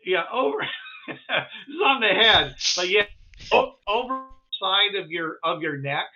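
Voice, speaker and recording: Halting male game master over a tinny line. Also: high-pitched, animated, a crowd in the background. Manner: halting, full of restarts and fillers. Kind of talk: narrating a tabletop game.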